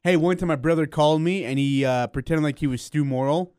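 Smooth-voiced man radio co-host. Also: on the high side, fairly quick, darkish tone, no echo. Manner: playful, recounts pranks with acted quotes. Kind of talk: casual radio banter. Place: radio studio. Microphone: studio microphone.

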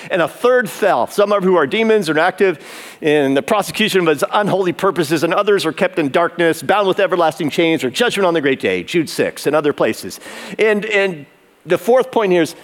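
Man, pastor, emphatic sermon, high-pitched voice, barn church. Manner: emphatic preaching that builds in intensity. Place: converted barn used as a church.

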